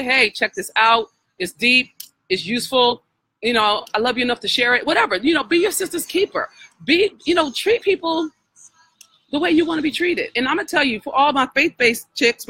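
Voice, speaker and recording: This spiritual wealth coach's voice sits high with a sharp edge as she addresses her live-stream listeners in a heartfelt, sermon-like healing talk. The recording is rough but has no echo.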